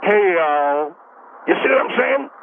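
A man's voice: sits high, sing-song, measured pace, gravelly, exaggerated voice. A man voicing a meddling, preachy middle-aged male caller who lectures in a fussy, stammering way. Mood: lecturing. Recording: tinny phone line with noise.

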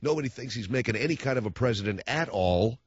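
A man's voice: medium pitch, lively intonation, quick pace, husky, no room sound, dull audio. A man hosting a talk radio show, ranting about politics in a sarcastic, mocking way.

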